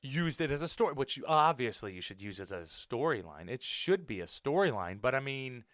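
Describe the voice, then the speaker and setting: An American man hosting a casual wrestling podcast, talking in an animated, blunt way, swearing now and then and repeating himself for emphasis. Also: mid-range voice, fairly quick, no echo, clean studio sound. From United States. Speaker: podcast host and professional wrestler.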